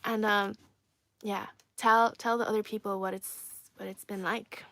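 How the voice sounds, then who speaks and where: A woman's voice: medium pitch, flat delivery, measured pace, creaky, fairly bright tone, no room sound. A young woman from China hosting a casual livestream, chatty and playful, laughing often and repeating herself as she reads comments. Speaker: livestream host.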